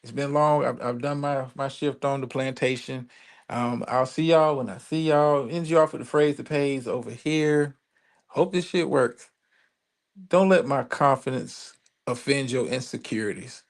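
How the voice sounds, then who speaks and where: A man's voice: medium pitch, normal speed. A tired man hosting a live stream and signing off from his phone. He rambles casually and swears freely. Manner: profane, loose, rambling. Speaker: stream host.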